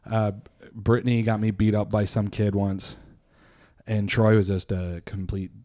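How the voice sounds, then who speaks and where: A man's voice: on the low side, level tone, a little slow, dark tone. A man co-hosting a podcast, telling childhood stories in a rambling, profane way, laughing and acting out quotes. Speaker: podcast co-host. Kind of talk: casual storytelling chat.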